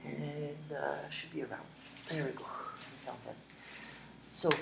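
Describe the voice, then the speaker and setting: A woman gives a patient, repetitive online lesson in a low voice. She records at home on her computer microphone, and faint clicks and keyboard typing come through in the background. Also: fairly even intonation, vocal fry, noisy background. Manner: patient, repeats phrases slowly, frequent "okay?". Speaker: French teacher. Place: home, next to her kitchen.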